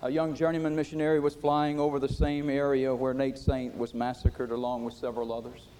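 A man preaching a sermon with passion, swinging from loud to hushed. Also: medium pitch, level tone, brisk, slight background noise.

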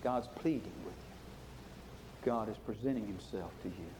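A man preaching a sermon with passion, swinging from loud to hushed. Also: on the low side, normal speed, background noise.

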